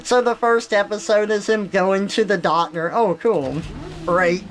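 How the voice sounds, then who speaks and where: A woman's voice: medium pitch, a little slow, poor audio. A woman streaming live who chats casually and laughs often as she retells jokes. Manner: giggly, animated, retells jokes with voices.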